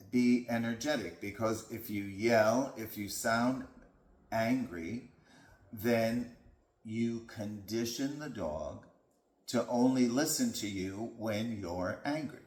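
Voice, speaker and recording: Slow, calm male dog trainer. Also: on the low side. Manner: calm, patient explaining. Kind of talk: instructional talk. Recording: echoey room.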